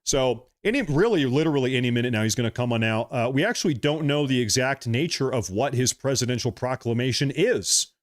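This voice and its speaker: A man's voice: medium pitch, lively intonation, brisk, hardly any pauses. A man hosting a political live stream, talking agitated and repetitive and speaking straight to his viewers. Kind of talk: casual live-stream commentary.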